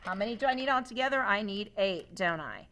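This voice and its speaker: A woman's voice: mid-range voice, animated, fairly quick, a bit bright, a little hiss or hum. A woman teacher walking students through a math demonstration, upbeat and asking them questions as she goes. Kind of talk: classroom demonstration lesson.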